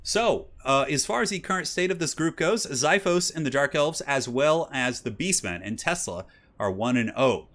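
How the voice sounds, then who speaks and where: Lively young man casting a stream. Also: on the high side, moderate pace. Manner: chatty, upbeat, reads and answers chat. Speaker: stream caster for a strategy game tournament. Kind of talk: casual live-stream commentary.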